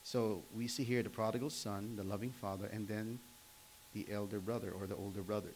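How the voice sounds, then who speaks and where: Man in his 40s, pastor, chatty storytelling sermon, throat-clearing, addresses the congregation. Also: lowish voice, fairly even intonation, brisk, a little mellow, slight background noise, low-quality recording. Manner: conversational storytelling, asks the audience questions, often clears throat.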